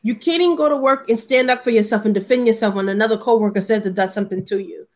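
A woman's voice: fairly high pitch, fast, a little mellow. A woman talking bluntly and emphatically in a casual panel discussion, swearing freely and mimicking others' lines.

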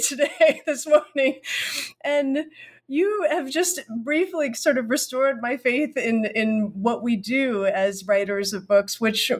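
A middle-aged woman hosting an academic podcast interview, effusive and animated, with a self-deprecating, chatty way of talking. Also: high voice. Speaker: podcast host.

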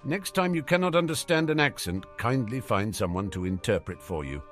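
A man's voice: mid-range voice, animated, brisk, a bit bright, faint music behind, close to an everyday voice. Man voicing a stern, disdainful ministry official. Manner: clipped, sternly formal.

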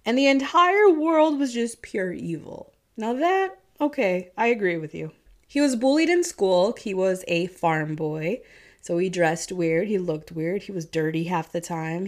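A woman's voice: fairly low pitch, a little slow, a little mellow. A woman with a Midwestern accent blended with a Southern twang, telling a true-crime story in a chatty, casual way, swearing and laughing often. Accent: Midwestern American with a Southern twang.

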